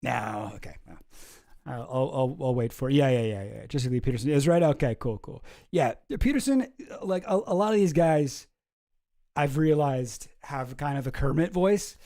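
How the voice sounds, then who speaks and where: A man's voice: medium pitch, moderate pace, mellow. A man hosting a casual livestream, rambling and chuckling as he reacts to chat. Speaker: streamer host.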